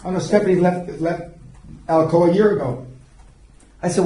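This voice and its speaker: Older guy at a seminar, kinda high voice, foul-mouthed rambling, echoey room mic far off. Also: moderate pace, pauses often, warm tone. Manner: blunt, profane, rambling storytelling. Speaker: seminar speaker and mentor. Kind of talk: seminar lecture.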